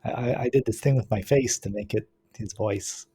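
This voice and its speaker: A man running a tabletop role-playing game as game master, explaining in a relaxed way with frequent restarts. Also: fairly low pitch, moderate pace, over a noisy crowd.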